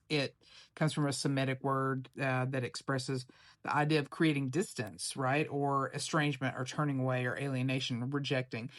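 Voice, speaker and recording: A woman's voice: very deep voice, dry recording, studio quality. A woman preacher giving a casual Bible lesson to camera, chatty and playful, with slangy asides. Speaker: preacher teaching Bible study.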